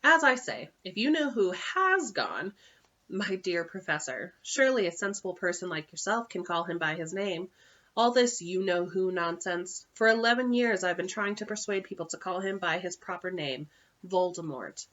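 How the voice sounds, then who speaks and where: Dumbledore, a gentle old wizard, read by a woman. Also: on the low side, lo-fi sound. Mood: calm. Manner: calm, gentle, unhurried. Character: wise, gentle old male wizard headmaster.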